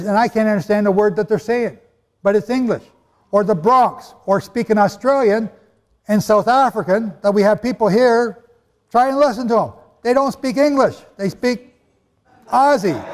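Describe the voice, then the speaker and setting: Male preacher, high pitch, animated conversational sermon, long hall reverb. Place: hall with a live audience.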